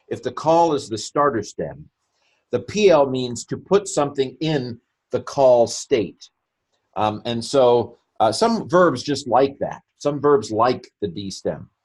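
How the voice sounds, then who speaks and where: A man's voice: mid-range voice, darkish tone, slightly rough. A man teaching a recorded grammar lecture, chatty and self-mocking, thinking aloud as he explains and adding joking asides.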